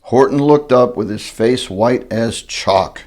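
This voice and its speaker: A man's voice: mid-range voice, takes it slowly, darkish tone. An older grandfather reading a rhyming picture book aloud in a sing-song manner.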